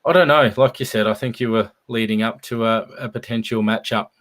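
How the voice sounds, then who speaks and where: Easygoing Australian man, lowish voice. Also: fairly even intonation, brisk, a bit bright. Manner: easygoing, hesitant with fillers. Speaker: podcast co-host. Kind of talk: casual footy chat.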